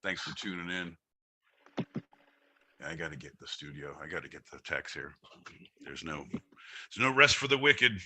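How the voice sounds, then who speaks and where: A man hosting a live podcast, bantering loudly in a rambling, profane, joking way. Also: extremely low pitch, animated, moderate pace, pauses often, slight background noise. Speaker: podcast host. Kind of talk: casual live-stream banter.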